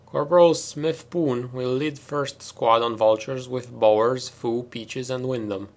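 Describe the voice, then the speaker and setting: A man's voice: mid-range voice, steady tone, unhurried, natural voice. A man putting on a stern female marine lieutenant. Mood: commanding. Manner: clipped, commanding, sardonic. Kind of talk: audiobook character reading.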